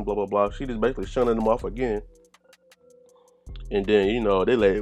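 A man's voice: fairly low pitch, moderate pace, pauses often, darkish tone, muffled recording, soft background music. A man hosting a podcast, talking in a casual, slangy, digressive way and joking as he rambles. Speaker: podcast host.

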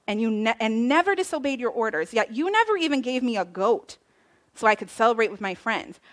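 A woman's voice: on the high side, fairly bright tone. Woman doing a bitter, proud older brother. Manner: bitter, dismissive.

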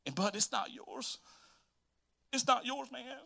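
A hesitant young woman played by a male preacher stammers out hard news in a soft, hushed voice. The tone stays bright and fairly high despite the quiet delivery. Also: measured pace, creaky, exaggerated voice.

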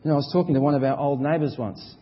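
A man preaches an earnest sermon in a husky, slightly high voice, dropping soft and then rising loud to stress his points. The sound is dull and muffled, and a long reverb trails behind every line as if he fills a large hall. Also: steady tone, rapid-fire. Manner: earnest, emphatic, swings between soft and loud; repeats words when stressing a point.

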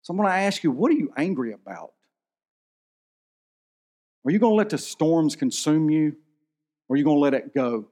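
A man's voice: a little high, lively intonation, moderate pace, long pauses, warm tone. A man in his forties preaching a sermon in a conversational, storytelling manner. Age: 40s. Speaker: pastor.

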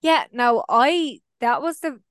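A young woman, co-hosting a podcast in casual chat, chatty and laughing easily between quick asides. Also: sits high, no room sound, clean studio sound. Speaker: podcast co-host.

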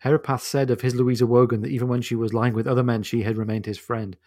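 A podcast co-host casually and thoughtfully discusses a novel, reading passages aloud with expression and laughing often. He talks fast in a mid-range, darkish voice with little pitch movement, recorded with clean studio sound and no echo.

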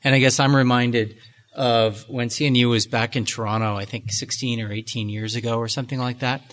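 A man in an audience asking a question in a relaxed, joking way, with frequent hesitant fillers. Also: medium pitch, brisk.

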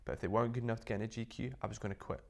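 A man with a low, grounded voice tells his story as an interview guest. He talks in a chatty, animated way, full of ums and quick restarts. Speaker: interview guest, business founder. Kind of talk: casual storytelling.

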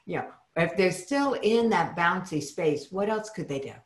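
A woman hosting a podcast interview in a playful, animated conversational way. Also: lowish voice, moderate pace. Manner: playful and animated, with frequent laughs. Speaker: podcast host. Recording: roomy echo.

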